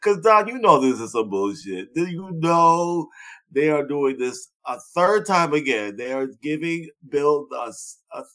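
A man's voice: fairly high pitch, expressive, measured pace, a bit bright. A man co-hosting a podcast, talking in casual chat, blunt and profane, laughing often and throwing in sarcastic asides. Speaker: podcast co-host.

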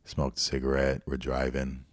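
A man's voice: a bass voice, monotone, normal speed, no room sound, studio quality. A middle-aged man hosting a podcast, telling a personal story in a candid, reflective way. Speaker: podcast host. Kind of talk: storytelling monologue.

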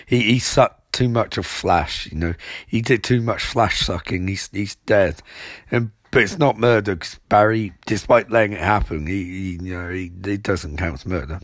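A young man rambles through a mocking recap of a TV episode, stumbling and restarting as he goes. His voice is on the low side, recorded dry and close with no room sound. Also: moderate pace, no echo.

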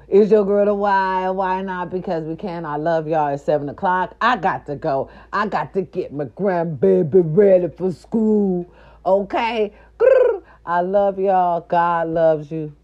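A middle-aged woman vlogging casual gossip with salty, profane slang, swinging up into high squeals and playful growls. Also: measured pace, warm tone, highs cut off.

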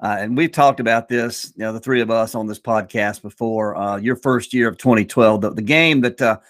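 A man's voice: fairly low pitch, moderate pace, dry recording. A man hosting a podcast, a play-by-play announcer who talks with enthusiasm and lots of fillers. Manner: enthusiastic, lots of "you know". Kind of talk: casual podcast chat.

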